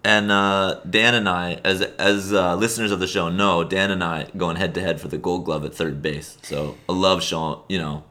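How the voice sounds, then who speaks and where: A man with a very low voice co-hosts a casual sports podcast. He rambles through game notes with lots of fillers and little chuckles. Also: steady tone, moderate pace, hardly any pauses, bright, forceful tone. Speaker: podcast co-host.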